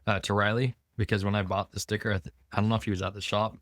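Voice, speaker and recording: A man's voice: fairly low pitch, flat delivery, rapid-fire, a bit bright, no echo, clean studio sound. A man hosting a casual podcast, easygoing and hesitant, searching for words with lots of ums. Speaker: podcast host.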